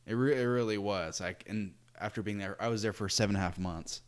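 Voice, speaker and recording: A young adult man, a podcast guest, chatting casually and telling animated stories with frequent restarts. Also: fairly low pitch, fast talker. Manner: animated storyteller, restarts often. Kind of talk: casual chat.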